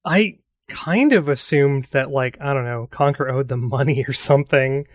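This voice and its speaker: Podcast co-host, man, middle pitch, relaxed and musing, dry close mic. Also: normal speed, no room sound. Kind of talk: casual podcast chat.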